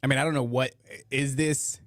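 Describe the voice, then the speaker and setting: A male podcast host reacts to clips with sarcastic, mocking, rambling asides in casual commentary. His mid-range voice has fairly even intonation and a moderate pace, captured in a dry, studio-quality recording.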